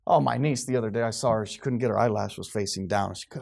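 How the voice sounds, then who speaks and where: A man preaching a sermon to his congregation, swinging from quiet, low remarks to loud, high outbursts. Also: fast, vocal fry. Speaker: pastor.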